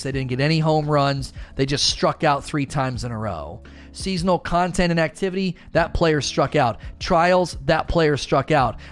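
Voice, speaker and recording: A man ranting in a casual, rambling way as a gaming streamer, frustrated and fond of sports analogies. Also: a little high. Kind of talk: casual gaming commentary rant.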